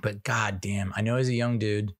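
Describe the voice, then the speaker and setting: A man in his forties hosting a fan podcast, giving casual commentary in a halting, wry way with many fillers. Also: on the low side, fairly even intonation, no room sound, studio quality. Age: 40s. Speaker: podcast host and sports fan.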